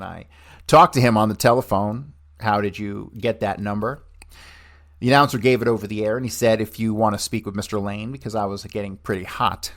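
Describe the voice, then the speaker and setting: A man with a fairly low voice reads old hearing testimony aloud for a podcast. He speaks the questions and the answers in the same even reading voice and does not act out either side. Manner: steady reading voice that plays both questioner and witness without changing voice. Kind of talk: solo reading of a transcript aloud.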